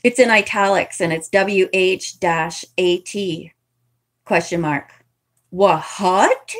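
A woman's voice: fairly low pitch, takes it slowly. A woman reading a novel aloud in a casual way, with chatty asides between passages. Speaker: reader.

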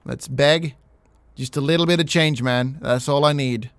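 A man's voice: mid-range voice, steady tone, normal speed, dry recording. A man hosting a let's play, commenting with jokes, mock-pleading and casual swearing. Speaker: gaming channel host.

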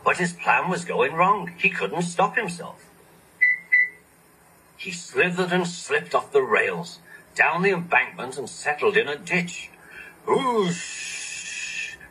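A man reading a children's storybook aloud, expressive and animated. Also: fairly high pitch, a little slow, a little hiss or hum, rough recording. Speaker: narrator.

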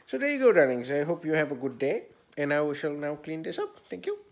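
Lively man giving a mock tour. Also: on the high side, fairly quick. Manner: chatty mock tour-guide tone, puts on an unplaced accent. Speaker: comedian vlogger. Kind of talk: casual vlog walkthrough.

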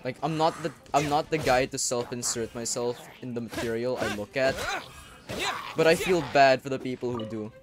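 A young man giving casual gameplay commentary, crude and excitable, breaking into sudden loud outbursts. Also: mid-range voice, normal speed. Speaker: gaming YouTuber. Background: faint game music.

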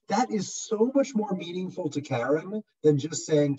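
A man leading a real estate software webinar over a video call, animated and acting out customer voices as he explains. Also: high voice, moderate pace, few pauses, slightly rough. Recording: dull lo-fi audio from far off the mic.

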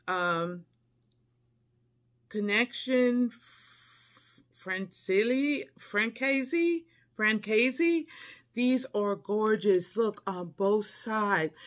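A middle-aged woman chatting to her viewers as she unboxes a haul, gushing and effusive, breaking into delighted squeals. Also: mid-range voice. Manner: chatty, calls viewers y'all and honey. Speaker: haul vlogger. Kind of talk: casual unboxing chat to viewers.

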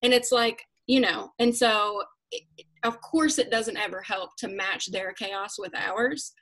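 A woman hosting a casual live chat, candid and self-mocking, getting animated when she quotes herself. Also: medium pitch, unhurried, poor audio. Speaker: host.

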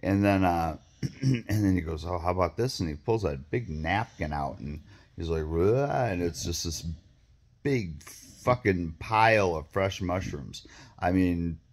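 A man with a low voice tells a long, meandering story straight to camera. He swears freely and keeps stopping to restart sentences and throw in asides. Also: a little slow. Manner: rambling, profane, lots of fillers and restarts. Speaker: vlogger.

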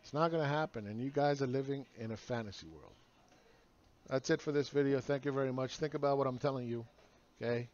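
A man's voice: medium pitch, a little fast, darkish tone, highs cut off. A man ranting sarcastically in a solo video monologue, mocking the people he argues against. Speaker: market commentator.

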